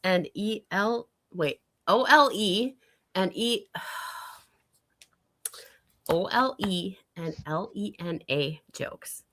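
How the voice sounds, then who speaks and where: Woman, chatty livestream guest, animated intonation, teasing. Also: medium pitch, drawn-out words, pauses often. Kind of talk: casual livestream chat.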